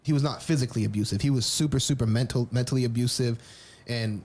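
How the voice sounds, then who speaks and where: A man speaks at a rapid clip, trading stories on a podcast. He rambles, restarting sentences and swearing casually as he goes. His pitch sits in an ordinary middle range. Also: a little mellow. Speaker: podcast co-host. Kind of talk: candid personal storytelling.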